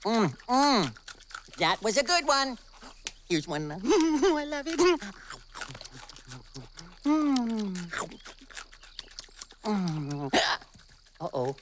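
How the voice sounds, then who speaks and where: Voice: medium pitch, sing-song, drawn-out words, pauses often, a little hiss or hum. A performer voicing a cheerful, giggly male cartoon creature who eagerly helps his friend, with exclamatory, sing-song delivery in a preschool cartoon. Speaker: cartoon lead character.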